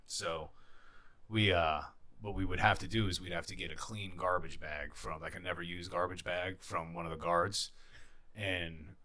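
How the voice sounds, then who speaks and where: A young man telling stories as a podcast guest, casual and animated, swearing freely and acting out the people he quotes. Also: sits low, normal speed. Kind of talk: casual storytelling.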